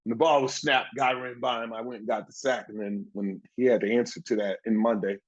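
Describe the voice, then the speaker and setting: A man in his sixties tells stories in a relaxed, lively way and slips into the voices of the people he quotes. His voice is husky and a little worn. The audio sounds muffled and lo-fi, like a remote call. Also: medium pitch, brisk. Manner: animated storyteller, acts out quoted voices. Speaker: former pro football player, guest. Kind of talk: casual storytelling interview.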